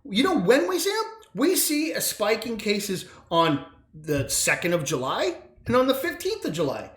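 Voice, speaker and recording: A man's voice: high voice, wildly swooping pitch, moderate pace, a bit bright, roomy sound. A man hosting a solo political commentary podcast, combative and sarcastic, with sudden emphatic bursts. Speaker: podcast host.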